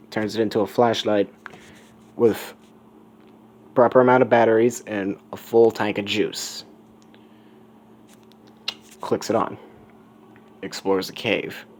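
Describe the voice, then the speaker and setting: A man's voice: fairly low pitch, steady tone, unhurried, pauses often, a little mellow, a little hiss or hum. A man telling a fan story in a casual, rambling way, with self-correcting asides. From United States.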